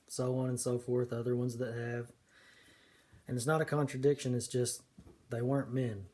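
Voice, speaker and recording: Man, mellow low-key tone, earnest scripture talk, emphatic stresses. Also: fairly even intonation, normal speed. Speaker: video preacher. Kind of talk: casual scripture commentary.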